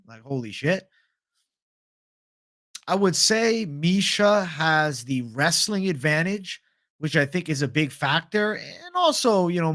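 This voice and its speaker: Young male stream host, slightly high pitch, dry close mic, loose profane chat. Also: a bit bright, dry recording. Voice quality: casual, profane, reads chat aloud. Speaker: MMA livestream host. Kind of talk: casual livestream fight picks chat.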